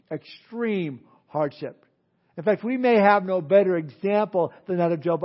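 A man preaching a sermon, telling a scripture story with lively asides. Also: a little high. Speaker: pastor. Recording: dull lo-fi sermon audio.

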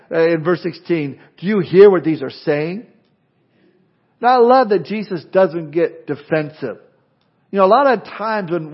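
An older man preaching a sermon as pastor, in a lively conversational way with frequent restarts. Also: high voice. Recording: dull lo-fi recording.

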